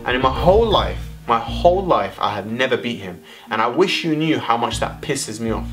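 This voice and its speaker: A man's voice: medium pitch, expressive, moderate pace, soft background music. A young man, ranting animatedly to camera in a casual vlog, full of swearing and exaggeration. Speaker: vlogger.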